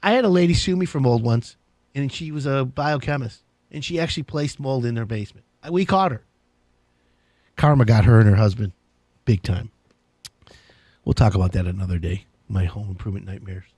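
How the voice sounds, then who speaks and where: A man hosting a live home-improvement show, talking in a rambling, jokey, excitable way. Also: mid-range voice, fairly quick, no echo. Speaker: radio show host. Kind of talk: casual live call-in show chat.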